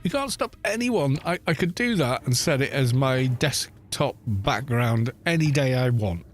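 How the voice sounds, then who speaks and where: A man's voice: mid-range voice, animated, measured pace. Rambling, exasperated male game streamer. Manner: rambling, exasperated, with frequent restarts. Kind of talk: casual chat while gaming. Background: faint background music.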